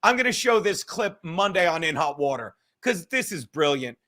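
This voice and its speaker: Male stream host, high bright voice, profane and rambling. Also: big pitch swings, normal speed. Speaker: livestream host. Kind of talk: livestream chat.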